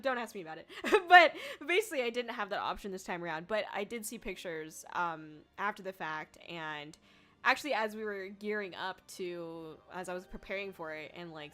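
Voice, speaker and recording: A young woman streaming, chatting casually with her viewers, laughing often and breaking into squealing shouts. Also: mid-range voice. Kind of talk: casual livestream chat. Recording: faint music behind.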